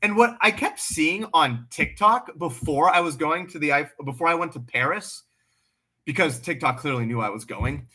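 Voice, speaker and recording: Male livestream host, bright forceful tone, blunt and animated, swears freely, casual off-the-cuff chat. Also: on the high side, normal speed, slightly rough.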